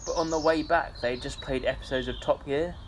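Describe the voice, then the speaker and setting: A man's voice: fairly high pitch, fairly even intonation, a little fast, slight background noise. A man co-hosting a podcast, chatting casually and rambling through stories. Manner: chatty, rambling, laughs often. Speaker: podcast co-host. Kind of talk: casual chat.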